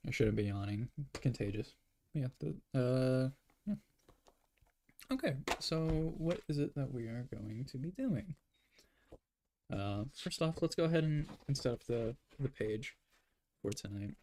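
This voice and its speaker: A young man with a gravelly, fry-edged voice talks through his drawing session in a loose, rambling way. He pokes fun at himself and pads his sentences with fillers, sounding a little tired. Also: medium pitch, lively intonation, a little slow, pauses often, dark tone, slight background noise. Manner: rambling, self-deprecating, with frequent fillers. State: yawning, tired. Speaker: art streamer. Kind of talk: casual drawing livestream chat.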